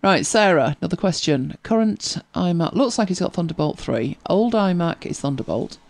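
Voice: mid-range voice, expressive, moderate pace. Chatty host, laughs easily. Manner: chatty, laughs easily, repeats words when starting. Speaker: host of a tech help show. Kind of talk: casual chat and answering viewer questions.

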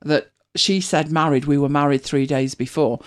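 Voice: medium pitch, fairly even intonation, moderate pace. A host with a British accent, chatting casually and rambling with many restarts. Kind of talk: casual chat.

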